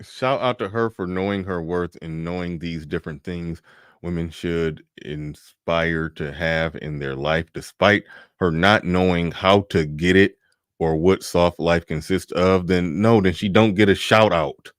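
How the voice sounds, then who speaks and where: A man's voice: low-pitched, steady tone, a little slow, clear, resonant tone, dry recording, studio quality. A man giving a blunt, profane reaction commentary, talking animatedly and laughing often.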